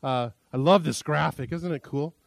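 A man's voice: a little high, normal speed, vocal fry, no echo. A man preaching a sermon as pastor, a chatty, self-deprecating storyteller who often restarts his sentences.

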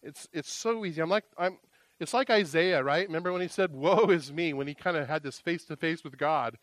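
A man preaching a sermon as pastor, earnest and emotional, rising to loud exclamations and dropping to hushed, confessional tones. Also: fairly high pitch, fairly quick, no echo.

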